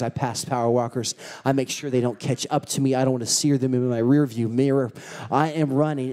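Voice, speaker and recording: A pastor preaching a sermon with animated storytelling and rousing emphasis. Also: male voice, medium pitch. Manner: animated storytelling, acting out quotes.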